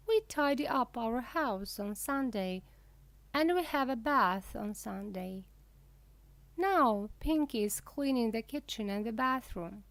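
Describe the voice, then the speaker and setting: A woman reading a children's storybook aloud slowly and clearly for English learners. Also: dry recording. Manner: clear, deliberate reading with lively pitch. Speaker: reader.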